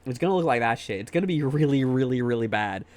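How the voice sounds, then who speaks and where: A man's voice: mid-range voice, lively intonation, fast talker, a little mellow. A young American man ranting casually on a livestream, rambling and profane, repeating words as he restarts sentences. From United States. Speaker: livestream host. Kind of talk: casual stream chat.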